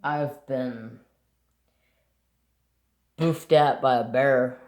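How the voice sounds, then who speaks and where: A man hosting a craft channel, telling a story in a relaxed, rambling way and swearing casually. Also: mid-range voice, extremely slow. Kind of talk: casual storytelling while painting. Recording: roomy echo.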